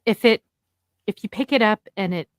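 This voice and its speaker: A woman's voice: medium pitch, normal speed, dry recording, studio quality. A woman co-host making short, emphatic remarks and giggling in casual chat.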